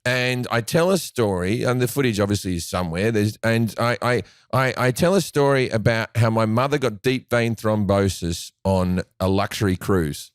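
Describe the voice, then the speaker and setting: A man's voice: lowish voice, moderate pace, hardly any pauses, clean tone, no room sound, studio quality. A man, a comedian guest, telling crude anecdotes in casual chat, often restarting his phrases. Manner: profane storyteller, restarts phrases, acts out quoted voices.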